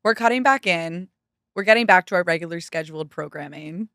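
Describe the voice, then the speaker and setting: A young woman hosting a podcast, gushing and excitable with casual slang. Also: fairly low pitch, a little fast, dry recording, studio quality. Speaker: podcast host.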